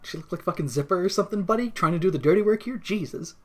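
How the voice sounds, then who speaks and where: A woman's voice: lowish voice, very fast. A woman co-hosting a podcast, recapping a cartoon episode in a dry, sarcastic way and swearing freely. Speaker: podcast co-host. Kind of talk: casual chat recapping a cartoon.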